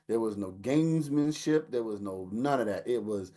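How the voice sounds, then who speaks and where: Animated man telling a family story. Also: on the low side, moderate pace. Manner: animated storyteller, acts out quotes, laughs while telling. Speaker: older brother telling a story. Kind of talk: casual storytelling chat.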